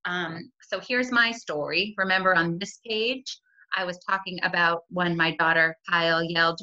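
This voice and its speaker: A woman's voice: lowish voice, fairly even intonation, moderate pace, bright, forceful tone. A woman in her thirties, a teacher, modeling a writing lesson for young children in an encouraging way, often checking in with "right?". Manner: encouraging, uses rising check-ins like "right?". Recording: slightly dull lo-fi recording.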